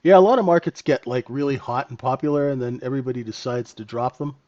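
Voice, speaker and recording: Man, live trading commentary, casual thinking aloud, dull lo-fi audio, mid pitch. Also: quick pace, darkish tone, dry recording. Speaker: futures trading room host.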